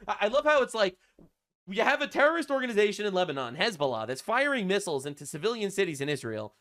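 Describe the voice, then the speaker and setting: Sarcastic high-voiced male commentator. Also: very animated, fast, fairly bright tone. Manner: sarcastic, crude and mocking. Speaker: commentary vlogger.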